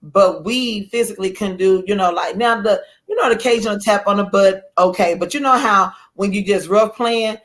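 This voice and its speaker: Woman guest, animated storyteller, Black speech, acts out quotes. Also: mid-range voice, normal speed, hardly any pauses. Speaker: guest author. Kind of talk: casual chat.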